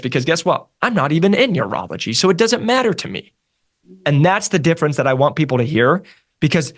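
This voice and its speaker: A man coaching nurses on a career move, talking in an energetic, emphatic way with lots of repetition. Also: on the high side. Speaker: sales coach. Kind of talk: podcast conversation.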